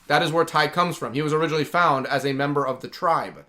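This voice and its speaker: A man's voice: on the high side, quick pace, pushed and bright. A man hosting a gaming livestream, chatting casually and enthusiastically, rambling with lots of "like". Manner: rambling and enthusiastic, heavy use of "like". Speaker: livestream host.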